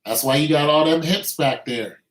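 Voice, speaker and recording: A man's voice: on the high side, moderate pace, a bit bright. Blunt, preachy man in an echoey room. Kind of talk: casual rant with improvised singing.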